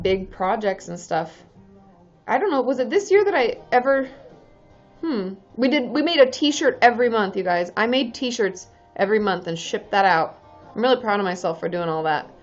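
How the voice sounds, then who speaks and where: A woman's voice: a little high, expressive, moderate pace, dull audio, soft background music. A woman hosting a casual live stream as a therapist, reading viewer comments aloud and cheering them on in a bubbly, chatty way.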